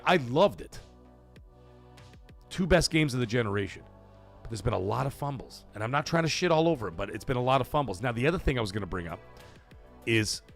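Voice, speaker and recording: A livestream host with a medium-pitched, fairly bright voice talks animatedly on a casual stream. He swears freely and reads viewer messages aloud.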